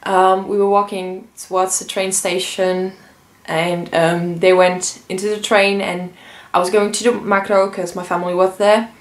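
A young woman from the Netherlands pours out a personal story in an earnest, emotional way, stumbling over restarts and fillers. Her voice sits at an ordinary pitch, and the room around her rings with a noticeable echo. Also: little pitch movement, unhurried. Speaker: vlogger. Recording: roomy echo.

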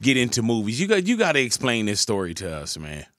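A man's voice: mid-range voice, huge pitch swings, quick pace, a bit bright, no room sound, studio quality. A man hosting an interview, chatting casually with playful, slangy remarks and frequent chime-ins. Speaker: interview host. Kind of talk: casual chat.

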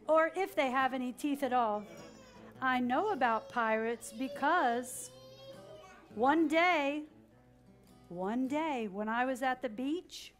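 High, slow-talking storytime librarian. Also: female voice. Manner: animated, drawing children into call-and-response. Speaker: children's librarian hosting story time. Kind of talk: reading a picture book aloud to children.

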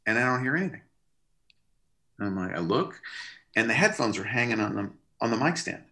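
A middle-aged man, a record producer, telling an animated story in a casual interview. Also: medium pitch, brisk. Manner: animated, expressive, pushes to sudden bursts. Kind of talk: storytelling anecdote in casual conversation.

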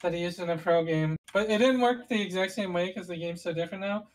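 A woman's voice: on the low side, fast, poor audio. A woman co-hosting a gaming podcast, explaining strategy in long, rambling runs with many restarts. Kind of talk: casual gaming chat.

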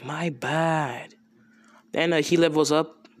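Slow, rambling young man telling a fan story. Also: a little high, steady tone, no echo. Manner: rambling, slangy, with many restarts. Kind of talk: improvised casual storytelling.

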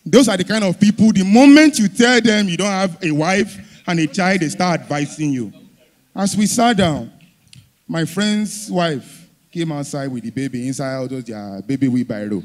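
A young male stand-up comedian with a Nigerian English accent and a fairly high voice. He rants in an exasperated way, dropping into low asides and then bursting out loudly. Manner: exasperated ranting storyteller, swings from low asides to loud outbursts.

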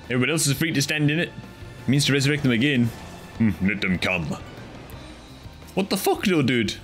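A man's voice: mid-range voice, expressive, brisk, soft background music. A man reacting to a game cutscene and fight with casual, profane, joking commentary. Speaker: game streamer.

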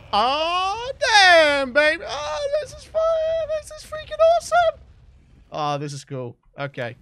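A young British man giving excited, chatty let's play commentary as the host of a gaming channel. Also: on the high side, a little hiss or hum. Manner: excitable, chatty, bursts into shouts and laughs.

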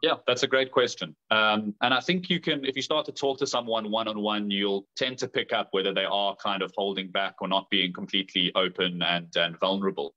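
A man who works as a therapist and coach, answering questions in a measured, thoughtful way. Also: on the low side, steady tone, bright, forceful tone. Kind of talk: casual chat. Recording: dull lo-fi sound.

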